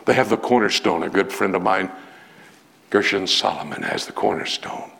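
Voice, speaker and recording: A male preacher delivering a storytelling sermon in a dramatic, animated way with emphatic pauses. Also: deep voice, creaky, breathy edge.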